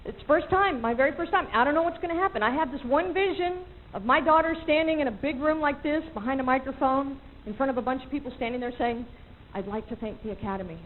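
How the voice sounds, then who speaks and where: A young woman doing a stand-up routine on a club stage, chatty and self-mocking, with quick asides to the crowd, recorded on an old VHS tape. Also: high voice, narrow, tinny audio, a little hiss or hum. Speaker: stand-up comedian.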